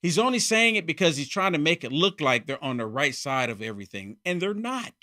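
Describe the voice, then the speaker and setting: A man hosting his own political commentary monologue, emphatic and repeating his points, swinging from loud outbursts to muttered asides. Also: on the high side, sing-song, brisk. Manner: emphatic, repeats phrases for effect. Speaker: channel host.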